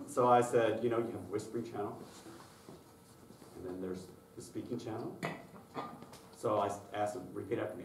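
A man leading a workshop on children's singing, lively and demonstrative, acting out the voices he describes. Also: lowish voice, brisk, slight background noise. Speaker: choral music clinician. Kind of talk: conference workshop presentation. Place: conference session room. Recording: echoey room from far off.

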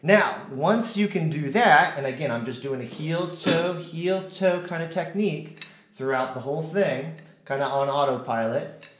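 A man's voice: fairly high pitch, expressive, a little slow, roomy sound, music in the background. A man teaching drums in a casual way, counting out stickings and humming rhythms. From United States. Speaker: drum teacher. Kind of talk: casual instructional talk.

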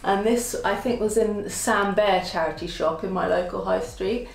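A woman chatting casually to camera about things she found for her home, self-deprecating and quick to laugh. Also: medium pitch, creaky, reverberant. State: out of breath from lifting. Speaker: vlogger showing a home haul. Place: at home, indoors.

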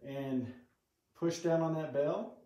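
Ghost-hunting vlogger, a man softly coaxing spirits to respond, slightly high voice, echoey old room with distant mic. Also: slow pace. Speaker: paranormal investigator. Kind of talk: ghost-hunting vlog chatter. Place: rooms of an old building under renovation.

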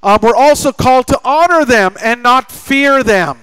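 A man's voice: very high-pitched, normal speed, fairly bright tone, clear, resonant tone, no room sound, rough recording. A middle-aged man preaching a sermon as pastor, telling a family story with acted-out dialogue and joking with the congregation. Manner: jokey, chatty with the congregation. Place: church sanctuary.

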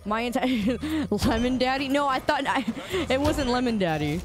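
High, lively woman streamer. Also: music in the background. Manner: playful, teasing, quick to laugh and protest. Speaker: game streamer. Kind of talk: casual live-stream chatter.

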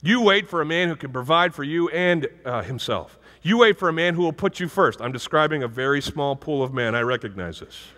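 Male pastor, sermon, high bright voice, animated preaching, reverberant church hall. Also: brisk, few pauses. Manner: animated preaching, rising to near-shouting emphasis. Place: church sanctuary.

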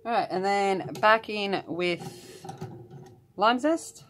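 A woman's voice: medium pitch, takes it slowly, a little hiss or hum. A woman chatting in a rambling way while she colours along in a vlog. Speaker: colouring channel host.

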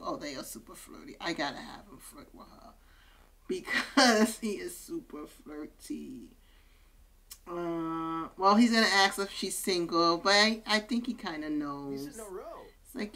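A woman commenting on a life-sim game she is playing, excitable and gushing, often laughing. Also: lowish voice, unhurried. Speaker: gaming creator. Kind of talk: let's play commentary.

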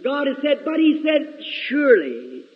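A man preaching a sermon in a large church, storytelling dramatically with sudden swings between loud and hushed delivery. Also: extremely high pitch, animated, measured pace, breathy edge. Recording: lo-fi 1950s reel recording, long hall reverb.

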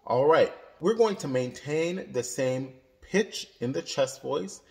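A male voice coach teaches a singing lesson, explaining exercises in an expressive, slow, creaky voice of medium pitch and darkish tone. His instruction includes demonstrations of sung vowels and yodels.

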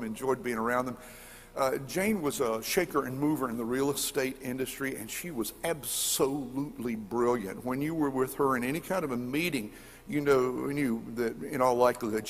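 A middle-aged man preaching a sermon, telling stories and repeating key words, swinging between emphatic high points and quiet low passages. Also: husky. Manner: rises to emphatic peaks, then drops low. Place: church sanctuary. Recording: long church reverb.

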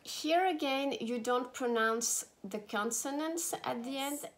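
A woman teaching a language lesson, saying each phrase slowly and repeating it for learners. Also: a little high, animated. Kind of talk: slow, careful language lesson.

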